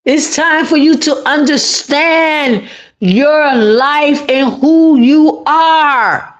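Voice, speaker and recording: A woman's voice: high voice, extremely slow, highs cut off. A woman hosting her own channel, talking through an emotional monologue in a repetitive, pleading, heartfelt way. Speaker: channel host giving life advice.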